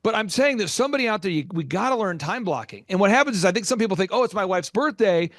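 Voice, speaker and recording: A middle-aged man, a business coach guest, telling stories with passion and sometimes getting loud. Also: high voice, animated, no echo, clean studio sound. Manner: passionate, loud at times, rapid storytelling. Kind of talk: energetic storytelling interview.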